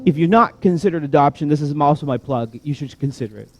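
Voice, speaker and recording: A man's voice: fairly high pitch, fast, faint music behind. A man preaching a sermon as pastor, telling a story and leading into prayer. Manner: animated storytelling, building to prayer.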